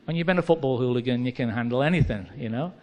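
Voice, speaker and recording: A man's voice: mid-range voice, quick pace, muffled recording. Man, english midlands accent, preacher, conversational sermon, tells stories with quoted dialogue. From England. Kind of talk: sermon storytelling.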